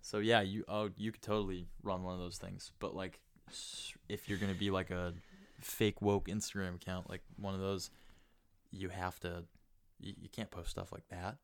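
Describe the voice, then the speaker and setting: A man's voice: low-pitched, flat delivery, moderate pace. A young man in casual chat, teasing his friend, agreeable and laughing often.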